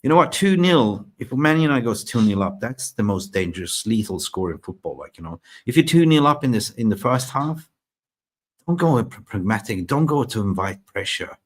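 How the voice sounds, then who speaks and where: Excitable Swedish man hosting a live stream. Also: mid-range voice, moderate pace. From Sweden. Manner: excitable, chatty, reads comments aloud. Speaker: fan channel host. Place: in Thailand.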